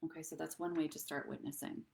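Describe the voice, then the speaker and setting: A woman's voice: sits low, level tone, fast talker, creaky, a little mellow. A woman hosting a live online talk show, giving earnest, encouraging advice and speaking straight to her viewers. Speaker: host and therapist.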